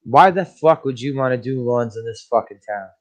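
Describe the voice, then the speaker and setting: A man's voice: mid-range voice, normal speed. Man, podcast co-host, blunt, swears a lot, ranting riffs, casual movie chat. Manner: blunt, profane, riffing rants.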